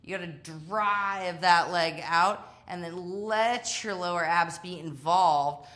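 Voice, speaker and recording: A woman with a lowish, slightly bright voice takes things slowly while coaching a live home workout. Chatty and self-deprecating, she's tired from exercising as she talks.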